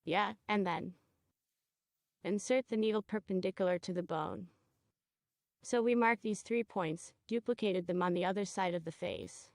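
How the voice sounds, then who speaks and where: A woman teaching a cosmetology procedure, guiding a student step by step and checking in with quick questions. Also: mid-range voice, no room sound, studio quality. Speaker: cosmetology instructor. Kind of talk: hands-on training demonstration.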